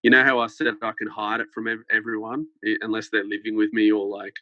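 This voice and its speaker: A man's voice: lowish voice, level tone, fast, bright, forceful tone, no echo. A young man telling a story as a podcast guest, rambling with lots of fillers and light laughter. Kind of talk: casual storytelling. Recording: dull lo-fi podcast sound.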